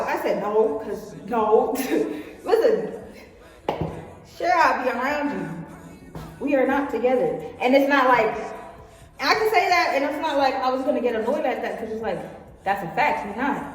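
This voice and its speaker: A young woman telling a personal story in a casual vlog, rambling with lots of fillers and acting out what people said. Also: a little high. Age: young adult. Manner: rambling, filler-heavy, acts out quotes. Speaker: vlogger. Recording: echoey room, far from mic, faint music.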